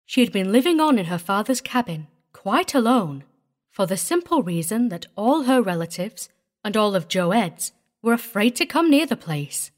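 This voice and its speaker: A woman's voice: medium pitch, very animated, normal speed, pitched above the performer's own voice, close to an everyday voice. A woman voicing a dry, cheerful countrywoman who tells a tale in a drawl and snaps at the driver. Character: dry, brisk countrywoman storyteller, bossy and cheerful.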